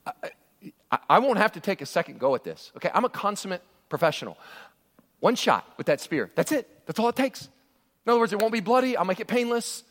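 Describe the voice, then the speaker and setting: Animated preacher man in reverberant hall. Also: quick pace. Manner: animated, acts out scripture voices with big pitch jumps. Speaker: pastor. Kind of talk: expository sermon.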